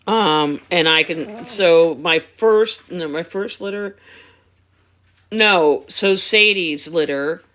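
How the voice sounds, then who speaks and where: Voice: mid-range voice, takes it slowly, fairly bright tone. A dog breeder chatting casually on a live stream, explaining things at length in an easygoing way. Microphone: phone or device on a live stream.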